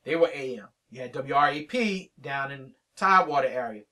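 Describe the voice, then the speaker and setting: Sitting for an interview, this man in his 50s, a veteran hip-hop radio DJ from Richmond, Virginia, is an animated storyteller who plays both sides of old conversations. His mid-range voice moves a little fast and sounds far from the mic, a bit off-mic overall.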